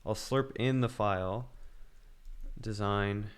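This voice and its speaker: A man's voice: fairly low pitch, slow pace, clean tone. A man livestreaming his programming work, thinking aloud in casual commentary and muttering as he goes.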